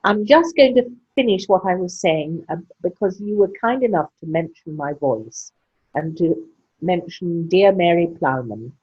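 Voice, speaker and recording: A woman's voice: fairly low pitch, expressive, measured pace, breathy edge. An older woman with a posh English accent and very precise diction, speaking frankly in an interview. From England. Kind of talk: conversational interview. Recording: muffled lo-fi sound.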